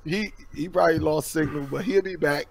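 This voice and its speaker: A man's voice: fairly high pitch, brisk, gravelly, a crowd in the background. A man co-hosting a live stream, laid-back and colloquial, laughing as he jokes. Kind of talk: casual live stream chat.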